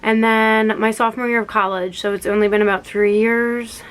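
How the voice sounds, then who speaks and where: A young woman in her early twenties talks straight into a close camera, rambling, backtracking and correcting herself as she goes. Her voice sits a touch high, loose and conversational. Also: steady tone, normal speed. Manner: chatty, rambling, self-correcting. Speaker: vlogger. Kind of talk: casual chat to camera.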